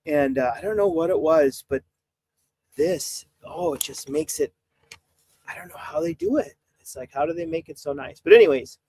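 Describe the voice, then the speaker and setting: A man's voice: a little high, expressive, moderate pace, a little mellow, no room sound. A man in his forties, a priest talking on a live stream, exasperated and preachy as he urges his viewers. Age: 40s. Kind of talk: impassioned live-stream talk.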